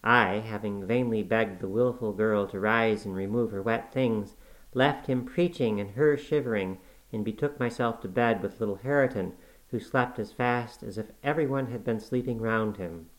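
A man reading a classic novel aloud as scripted narration, measured and even. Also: fairly low pitch, poor audio. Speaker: audiobook reader.

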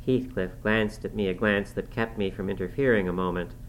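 A man reading a classic novel aloud in a measured, formal narrating manner. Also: low voice, fairly even intonation, a little hiss or hum, low-quality recording. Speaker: audiobook narrator.

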